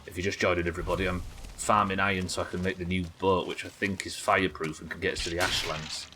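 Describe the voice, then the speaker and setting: A man's voice: deep voice, little pitch movement, fast, bright, forceful tone, slight background noise. A young English man chatting casually and rambling while streaming a game, swearing now and then. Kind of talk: casual live-stream chat while gaming.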